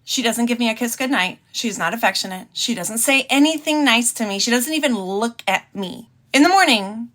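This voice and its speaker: A woman's voice: a little high, animated, normal speed, few pauses, fairly bright tone. A young woman hosting a podcast, bluntly telling an emotional personal story and swearing freely. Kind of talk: candid storytime monologue.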